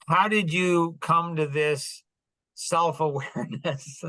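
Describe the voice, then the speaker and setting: A man's voice: a little high, fairly even intonation, takes it slowly, sharp tone, dry recording. A man hosting a podcast, asking questions in loose, conversational phrasing. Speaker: podcast host. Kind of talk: interview questions.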